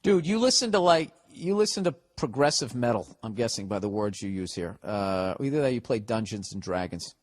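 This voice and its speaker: A man's voice: on the low side, animated, a little fast, few pauses. Profane Boston man ranting. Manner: profane, sarcastic, reads listener letters aloud. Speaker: podcast host. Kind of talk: casual comedic rant.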